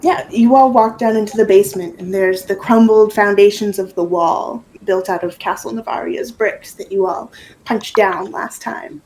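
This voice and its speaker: A woman narrating a tabletop role-playing game as game master, casual and lively. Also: medium pitch, normal speed, a little hiss or hum, low-quality recording.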